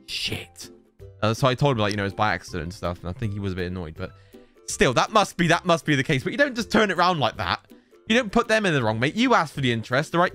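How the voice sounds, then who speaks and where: A young man, talking casually as a reaction host. His voice swings widely in pitch as he exclaims and acts mock-outraged, with faint music playing underneath. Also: a bit bright.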